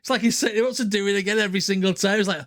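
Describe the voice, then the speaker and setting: A man's voice: high voice, fairly even intonation, very fast, a bit bright. A British man hosting a reaction channel, chatting casually and chuckling as he replays scenes aloud.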